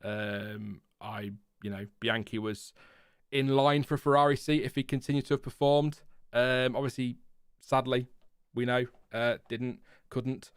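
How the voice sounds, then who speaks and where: A man's voice: mid-range voice, steady tone, unhurried, smooth, no room sound, clean studio sound. A man, hosting a casual live stream about racing and answering viewers with rambling, self-deprecating asides and frequent chuckles. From Lincolnshire, England. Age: 30s. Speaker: F1 channel host.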